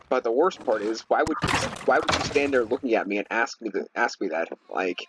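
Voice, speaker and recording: A man's voice: mid-range voice, lively intonation, fairly quick, few pauses, fairly bright tone, slight background noise, low-quality recording. A young man giving casual gameplay commentary while ranting in an irritated, rambling way, full of "like" fillers. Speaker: Let's Play commentator.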